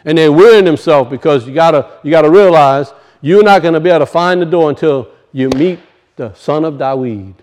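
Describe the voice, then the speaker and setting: Cajun male preacher, high voice, folksy and emphatic, quizzes his flock. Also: fairly quick, a little mellow, a little hiss or hum. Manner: emphatic, questions the congregation, folksy dialect grammar. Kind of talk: sermon.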